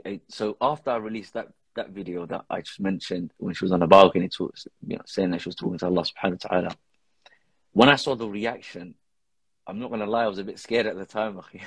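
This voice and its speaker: A father who posts videos with his daughter tells an earnest personal story as a guest in a casual podcast conversation, weaving Arabic religious phrases into his talk. His voice is on the low side and slightly rough, fast with fairly even intonation, and there's no room sound.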